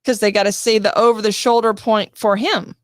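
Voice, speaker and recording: A woman, an actress and guest, telling show-business stories in a casual chat, animated and swearing, acting out quotes. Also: medium pitch, a little fast, no room sound, studio quality. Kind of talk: casual storytelling interview.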